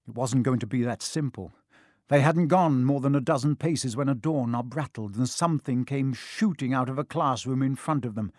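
A man narrating a storybook aloud, expressive and lively, giving the characters their own voices. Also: mid-range voice, moderate pace, no echo, studio quality. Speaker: audiobook narrator.

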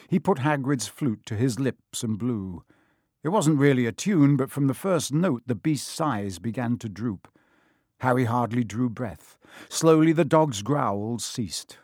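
A man narrating a storybook audiobook in a measured, expressive reading. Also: medium pitch, dry recording, clean studio sound.

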